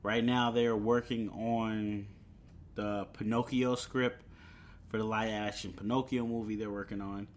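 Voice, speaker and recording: A man's voice: lowish voice, little pitch movement, unhurried. A young man hosting a solo podcast, chatting casually about movie news with fillers and chuckles. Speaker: podcast host.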